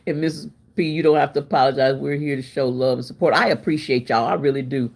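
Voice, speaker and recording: A woman hosting a casual cooking livestream, chatty and expressive, laughing and answering her viewers while she cooks in her home kitchen. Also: sits low, a little fast. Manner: chatty and expressive, laughing and talking back to chat. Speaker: livestream host.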